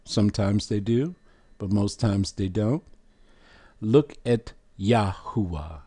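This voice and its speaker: A man's voice: fairly low pitch, animated, slow pace, long pauses, warm tone, breathy edge, no echo. A man teaching a lesson, walking the listener through a chart and asking questions as he goes. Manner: asks the listener questions, emphatic.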